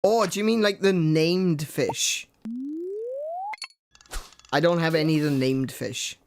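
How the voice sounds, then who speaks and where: A man's voice: a little high, expressive, slow pace, a little hiss or hum. A young man chatting casually and joking as he plays a farming game with a guest, laughing often and thinking aloud. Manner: joking, chuckly, thinks aloud while playing. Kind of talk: casual gameplay chat.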